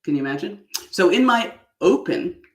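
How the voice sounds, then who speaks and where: Woman, public speaking coach, exaggerated animated talk, echoey room. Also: fairly low pitch, normal speed. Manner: animated, exaggerated delivery with frequent laughs. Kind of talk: online workshop talk.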